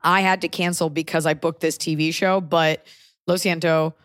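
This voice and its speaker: A woman's voice: low-pitched, level tone, moderate pace, a bit bright, smooth, dry recording, clean studio sound. A woman hosting a podcast, chatting casually and telling rambling, joking stories with the odd swear word. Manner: chatty, loose storytelling with jokes and swearing. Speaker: podcast host. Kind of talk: casual chat.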